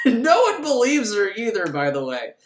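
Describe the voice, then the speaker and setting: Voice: medium pitch, wildly swooping pitch, measured pace, echoey room, slight background noise. A podcaster recapping a film in a rambling, joking way, often breaking into laughter. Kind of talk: comic movie recap.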